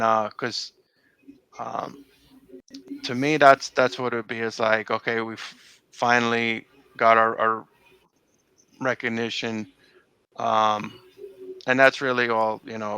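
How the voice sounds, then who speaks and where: A man's voice: medium pitch, flat delivery, unhurried, pauses often, sharp tone, clear, resonant tone, no room sound, rough recording. A middle-aged man recalling old times in a casual interview, rambling with many fillers and restarts. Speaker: interview guest.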